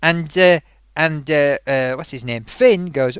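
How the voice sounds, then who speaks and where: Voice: medium pitch, measured pace, a bit bright, clean tone, no echo. A film reviewer ranting in a rambling, sarcastic, exasperated way, full of ums and little laughs. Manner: frequent fillers and amused laughs.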